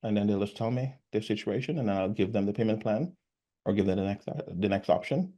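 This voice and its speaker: A man with a low voice talks casually about closing sales. He acts out both sides of a call as he explains it. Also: quick pace. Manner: animated, acts out sales calls. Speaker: sales coach. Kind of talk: casual conversation.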